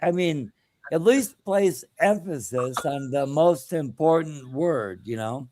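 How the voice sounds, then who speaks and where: A man's voice: on the high side, lively intonation, slow, noisy background. A man hosting a live stream, chatting casually in a blunt, crude, opinionated way with lots of fillers. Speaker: streamer host.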